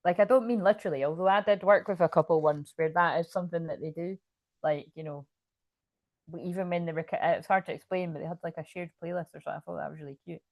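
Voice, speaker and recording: Chatty woman, low voice, dry sound. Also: steady tone, fast talker, dry recording, muffled recording. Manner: chatty, swearing, laughing, breaks into singing. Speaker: tarot reader. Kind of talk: casual tarot reading monologue.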